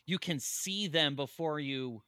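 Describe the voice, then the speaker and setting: A podcast co-host in casual chat, playful and quick with jokes. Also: mid-range voice, pushed and bright, smooth, dry recording. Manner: playful, jumps into joke voices.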